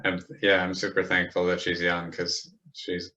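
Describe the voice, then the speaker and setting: A man with a very low voice speaks with an emphatic, indignant edge in casual conversation, cursing freely. His tone is bright and forceful despite the depth. The audio comes through a little muffled and lo-fi, as if over a remote call. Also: monotone, moderate pace. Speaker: podcast guest.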